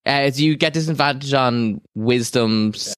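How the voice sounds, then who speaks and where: A man's voice: mid-range voice, clear, resonant tone, no room sound, studio quality. A man chatting among friends and hosting a trivia quiz, laughing easily. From Ireland. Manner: laughs easily, halting restarts. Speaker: tabletop game player running a trivia segment.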